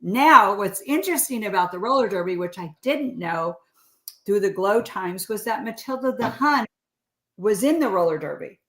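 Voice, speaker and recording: A woman's voice: mid-range voice, animated, moderate pace, reverberant. A sixty-year-old woman from California, a podcast guest telling stories in casual, chatty talk and laughing often. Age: 60s. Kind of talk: casual interview chat.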